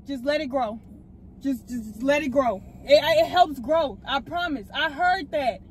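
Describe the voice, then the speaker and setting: Woman w a high voice sweet-talking and teasing from the car seat, lots of noise around. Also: a little slow, rough recording. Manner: teasing, coaxing, mock-soothing. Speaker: prankster vlogger. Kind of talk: casual prank banter in a car. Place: inside a parked car.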